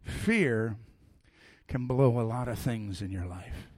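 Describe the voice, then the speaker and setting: A middle-aged man preaching a sermon, telling personal stories in an animated way that swings from loud to soft. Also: medium pitch, takes it slowly, no room sound, studio quality. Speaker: pastor.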